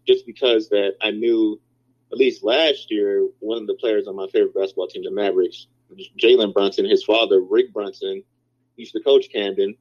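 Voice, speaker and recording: A man co-hosting a casual sports chat, speaking haltingly with restarts. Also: fairly low pitch. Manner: halting, many fillers and restarts. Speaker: co-host. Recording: dull lo-fi sound.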